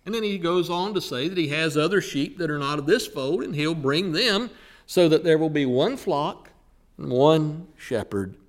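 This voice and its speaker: A man preaching a sermon, who slows down and leans hard on the words he wants to stress. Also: fairly high pitch, expressive.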